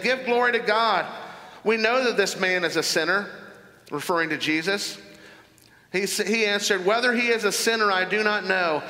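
High, bright-voiced preacher in a hall. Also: male voice. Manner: expository preaching, reading scripture aloud with emphatic commentary. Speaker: pastor. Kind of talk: sermon.

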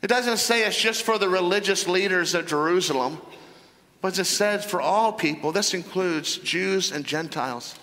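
A man's voice: high voice, moderate pace, bright, forceful tone. A man preaching a sermon as pastor, emphatic and repeating phrases for stress. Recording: long hall reverb.

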